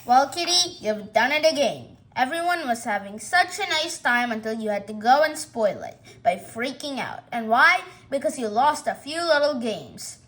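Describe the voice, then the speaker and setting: A woman voicing a patient pet owner who gently scolds and explains. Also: on the high side, animated, moderate pace, few pauses, pitched below the performer's own voice. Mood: scolding.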